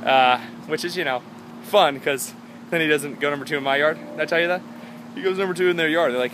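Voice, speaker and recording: A young man in his twenties chatting casually in a vlog, rambling and laughing often, with sudden loud high jumps in his voice. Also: brisk, a little hiss or hum. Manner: excitable, jumps high and loud when calling his dog. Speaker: vlogger.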